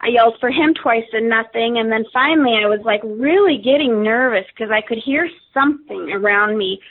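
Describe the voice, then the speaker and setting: A woman's voice: a little high, fairly quick. A woman, a radio guest, telling a story casually with many fillers and restarts. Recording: tinny phone line.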